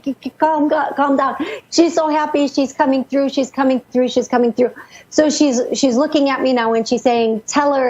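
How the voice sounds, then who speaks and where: A high-voiced woman with a husky, breathy tone channels messages for a caller, hurrying and restarting her sentences as the words tumble out. The sound is dull and lo-fi, like an old radio broadcast. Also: darkish tone. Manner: rushed, breathless relaying with many restarts. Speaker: psychic medium radio host.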